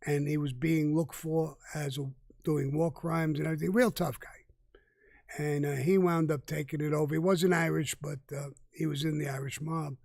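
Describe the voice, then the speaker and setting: An older man talks in a casual live Q&A. His voice sits a little high, and the mic picks him up dry and close. He is blunt and profane, stumbling and restarting as he goes. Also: fairly even intonation, normal speed, gravelly, darkish tone, no echo. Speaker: guest answering viewer questions.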